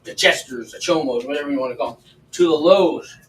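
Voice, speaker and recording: A man's voice: on the high side, a little fast, fairly bright tone, distant mic. Older man, blunt and profane, off-mic. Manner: blunt, profane, chatty, laughs at own stories. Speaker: livestream host. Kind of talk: casual storytelling while cooking. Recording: roomy, off-mic with faint background noise.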